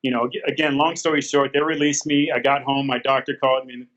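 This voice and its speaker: A man's voice: medium pitch, little pitch movement, fast, a bit bright. A man in his fifties, a guest in an interview, telling a hard personal story with many fillers and restarts. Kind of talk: candid storytelling. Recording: dull lo-fi sound.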